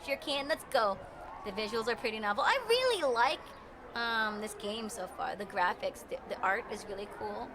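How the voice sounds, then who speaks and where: A woman's voice: mid-range voice, steady tone, normal speed, background noise. A woman streaming live, chatting casually with her viewers. She is chatty and giggly and trails off with fillers.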